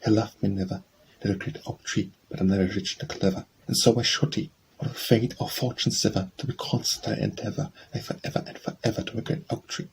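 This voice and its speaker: A man voicing a small lovelorn female flower in a recited poem, speaking softly and plaintively. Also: lowish voice, steady tone, brisk, creaky, slight background noise, low-quality recording.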